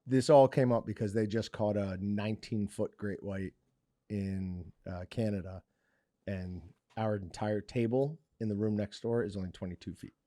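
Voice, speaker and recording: A man's voice: on the low side, steady tone, moderate pace, dark tone, no echo. Male podcast host, casual and jokey, dry close sound. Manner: joking, laughs often, wraps up the show.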